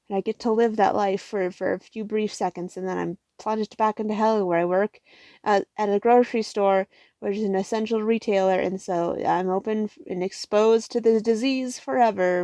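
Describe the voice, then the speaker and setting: A woman's voice: medium pitch, steady tone, moderate pace, mellow, dry recording. Tired, profane young woman rambling about manga. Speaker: manga haul vlogger. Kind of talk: casual haul vlog.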